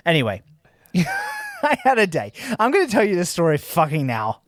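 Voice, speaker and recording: Animated man telling a story. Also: high voice, moderate pace, no room sound, studio quality. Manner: animated, swears, acts out quotes. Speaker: podcast co-host. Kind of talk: casual storytelling chat.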